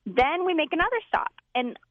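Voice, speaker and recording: Woman, comedic storyteller, lively voices in quotes, dry dull sound. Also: high voice, brisk, no room sound. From United States. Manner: animated, acts out voices in quotes.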